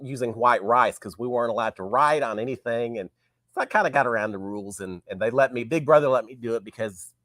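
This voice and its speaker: A man, hosting a live stream while sick, his voice raspy, greeting viewers by name in folksy casual chat. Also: medium pitch, fast, a bit bright, no room sound, studio quality. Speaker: show host.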